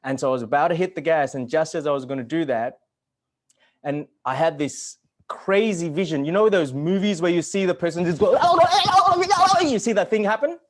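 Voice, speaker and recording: A man speaking as a guest at an online summit, telling a personal story in an earnest way, swearing at times and growing animated when excited. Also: fairly high pitch, fairly quick. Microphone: video call.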